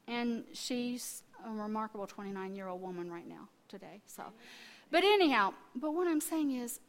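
A woman in her fifties preaching a sermon, telling family stories and swinging between quiet asides and loud, emphatic testifying. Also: fairly high pitch.

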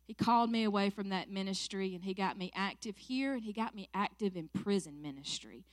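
A woman's voice: mid-range voice, no echo. Earnest Southern woman with a dry sound. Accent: South Carolina Southern. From South Carolina, USA. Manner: emotional, earnest. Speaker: church staff minister. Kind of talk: prayer and personal testimony talk. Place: church.

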